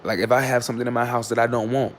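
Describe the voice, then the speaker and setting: A livestream host speaks very fast at a medium pitch with little pitch movement, over slight background noise. He talks casually and candidly to his chat, rambling with fillers and restarts, sarcastic, and sometimes switches to loud scolding of commenters.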